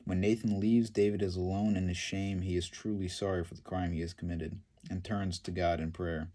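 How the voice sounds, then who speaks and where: A man retelling a Bible story and commenting on it, in a halting, filler-heavy way. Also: deep voice, flat delivery, warm tone. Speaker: Bible teacher.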